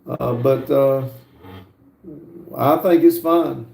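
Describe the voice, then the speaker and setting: Halting middle-aged American man, roomy sound. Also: medium pitch, creaky, darkish tone, a little hiss or hum. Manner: halting, fills pauses with frequent "uh". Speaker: livestream host. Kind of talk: casual chat reading viewer comments. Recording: roomy echo.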